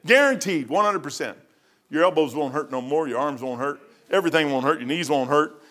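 A middle-aged man preaches informally, weaving in stories from his own life. His voice is high for a man and a bit bright, and he speaks fairly quickly in an animated, folksy, emphatic style, constantly throwing in "man."

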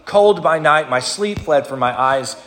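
A man's voice: on the high side, animated, a little slow, fairly bright tone, slight background noise. A man voicing an angry, wronged herdsman who protests his innocence with emphatic force. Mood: indignant. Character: indignant wronged herdsman defending himself.

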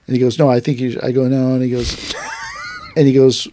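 A fast-talking man with a mid-range voice teaches at a martial arts dojo and swaps stories casually on a podcast. He's animated, acting out the voices of his teacher and his students as he quotes them.

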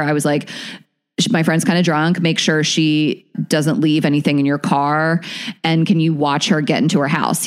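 A woman with a somewhat low voice tells a story in loose, chatty podcast talk. She fills her sentences with "like" and jumps into quoted lines as she goes, with the easy timing of a comic. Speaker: podcast guest, comedian and radio host. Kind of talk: casual storytelling.

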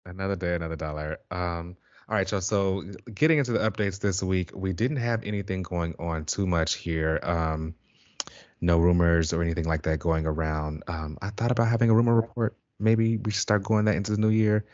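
A man co-hosting a podcast in casual chat, playful and quick to laugh. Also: low-pitched. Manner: playful, laughs easily, animated delivery. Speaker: podcast co-host. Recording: dull lo-fi sound.

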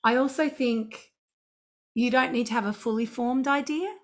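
A middle-aged woman, a songwriter chatting in an interview, animated and talkative. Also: a little high, moderate pace. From Australia. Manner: chatty and animated, breaking into sung scat syllables. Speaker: songwriter guest. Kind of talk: casual interview chat.

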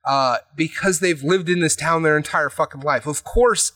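Animated, swearing man recapping a game. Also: fairly high pitch, normal speed, no echo. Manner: animated, swears often, acts out quotes. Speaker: podcast co-host recapping a tabletop game. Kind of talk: casual chat.

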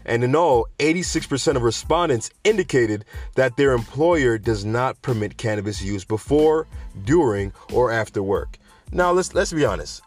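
A man hosting a news show in a loose, ranting commentary style, slangy and animated, often veering off topic to talk straight to his viewers. His voice sits at a middling pitch, with faint music underneath. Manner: animated, digressive, slangy, addresses viewers directly. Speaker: host of a cannabis news show. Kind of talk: casual news commentary with rants.

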